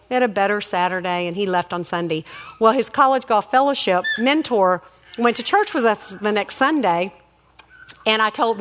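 A middle-aged woman telling faith-based stories about family in a casual, animated way, acting out voices and adding many asides. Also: mid-range voice, big-room sound. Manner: animated, acts out quoted voices, lots of asides.

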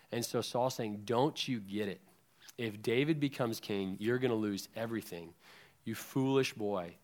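A young man giving a casual sermon to a youth group, chatty and full of ums, retelling scripture in everyday words. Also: fairly low pitch. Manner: conversational, frequent ums, lively retellings of scripture.

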